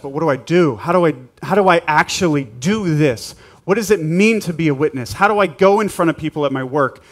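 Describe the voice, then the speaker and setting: High-voiced pastor preaching urgently. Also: male voice. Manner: urgent, repetitive exhortation building to shouted prayer. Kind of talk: sermon and prayer.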